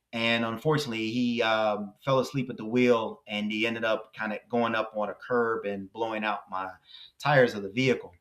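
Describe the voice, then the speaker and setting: A man in his forties hosting a car vlog, speaking to viewers in a soft-spoken, reflective and heartfelt way, with many hesitations. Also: medium pitch. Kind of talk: reflective personal talk to viewers.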